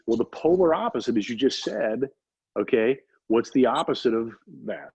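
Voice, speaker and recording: Husky man telling a story emphatically. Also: mid-range voice, moderate pace, a little mellow, no room sound. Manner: emphatic, repeats for effect. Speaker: guest, doctor. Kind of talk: animated storytelling in conversation. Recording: dull lo-fi audio.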